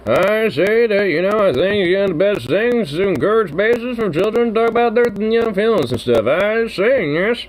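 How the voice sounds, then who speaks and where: A man's voice: high voice, lively intonation, normal speed, few pauses, slight background noise, pitched above the performer's own voice, rough recording. A man putting on the voice of an old-timey elderly grandfather who talks in a folksy drawl.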